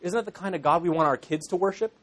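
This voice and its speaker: Irish guy in his 20s preaching, pretty high voice, earnest and emphatic, pokes fun at himself. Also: fast talker. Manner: earnest and emphatic, with self-deprecating asides. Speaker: pastor in training. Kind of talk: sermon.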